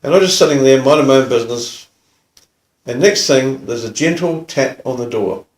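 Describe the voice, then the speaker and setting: A man's voice: mid-range voice, lively intonation, a little fast, roomy sound. Older New Zealand man telling stories. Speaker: retired police officer telling stories. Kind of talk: casual storytelling.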